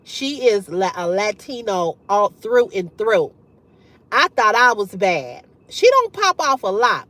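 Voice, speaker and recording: A middle-aged woman hosting a livestream, telling a story to her chat in a candid, profane, animated way and laughing often. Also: mid-range voice, measured pace, no echo. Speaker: livestream host. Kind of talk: casual storytelling to live chat.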